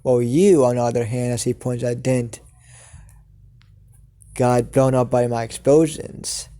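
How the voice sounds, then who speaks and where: A man's voice: mid-range voice, fairly even intonation, a little slow, dark tone, natural voice. A man voicing a smug, taunting male villain who drawls and says y'all. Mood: gloating.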